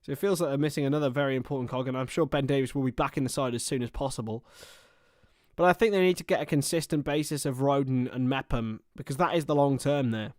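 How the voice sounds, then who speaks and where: A man calls a football match for his livestream in a loose, chatty way. He jumps from the play to his opinions of the players and then to his viewers' comments. His voice sits at a middle pitch and sounds close and dry on the mic. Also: quick pace, a little mellow, dry recording. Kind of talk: casual watchalong commentary.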